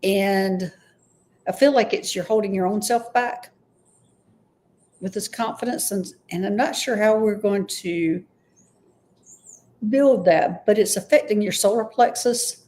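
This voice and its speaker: A woman's voice: medium pitch, measured pace, pauses often, a little mellow. A woman giving a live-streamed intuitive reading, tentative and often unsure of the messages she passes on. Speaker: intuitive reader.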